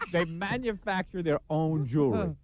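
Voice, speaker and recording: Male radio host, playful and jokey, muffled old broadcast tape. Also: high-pitched. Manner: teasing, laughs through his lines. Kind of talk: casual radio banter with a live ad read. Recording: dull lo-fi radio recording.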